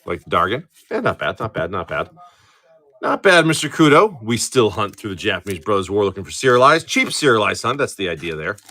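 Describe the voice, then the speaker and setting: A man's voice: fairly low pitch, very animated, brisk, bright, forceful tone. A middle-aged man chatting casually and profanely on a card-opening live stream, rambling and laughing easily. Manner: rambling with frequent restarts.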